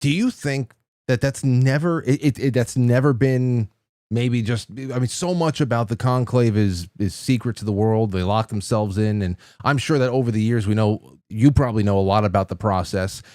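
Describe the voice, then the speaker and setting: A man hosting a podcast, asking questions in a halting way with frequent restarts and repeated words. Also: medium pitch, a little mellow, no room sound, clean studio sound. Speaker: podcast host. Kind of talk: casual interview questions.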